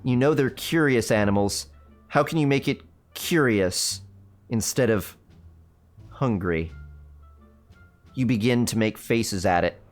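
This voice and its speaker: A man's voice: mid-range voice, unhurried, long pauses. A man hosting a livestream, reading a spooky choose-your-own-adventure book aloud in a theatrical, playful way with joking asides. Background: faint background music.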